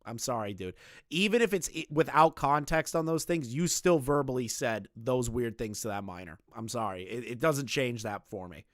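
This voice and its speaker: A man's voice: medium pitch, animated, moderate pace, no room sound. A young man streaming live, ranting bluntly with lots of swearing and repeated phrases.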